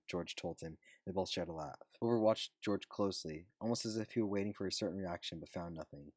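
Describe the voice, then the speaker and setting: A man reads a story aloud in a low voice. He stumbles and restarts now and then. The sound is dry and close. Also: a little fast, hardly any pauses, dry recording. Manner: plain, with slips and restarts. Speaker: reader. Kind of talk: reading fan fiction aloud.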